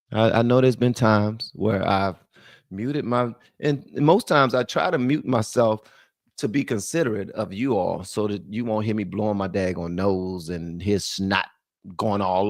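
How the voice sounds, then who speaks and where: A man's voice: on the low side, no echo, studio quality. A man hosting a casual livestream, talking in a rambling, chatty, self-deprecating way into a podcast microphone. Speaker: livestream host. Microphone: podcast mic through a mixer.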